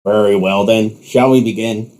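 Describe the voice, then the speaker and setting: A man's voice: on the low side, steady tone, normal speed, darkish tone, lightly acted. A man voicing a smug, unimpressed male rival who talks in a dry, dismissive way.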